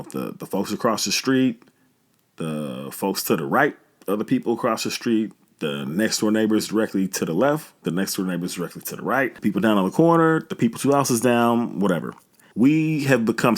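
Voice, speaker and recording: A man in his thirties tells a story on his podcast in a loose, easygoing, slangy way. His voice sits a little low. He rambles comfortably, like he is talking to friends. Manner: relaxed, chatty, slangy storyteller. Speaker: podcast host. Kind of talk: casual storytelling.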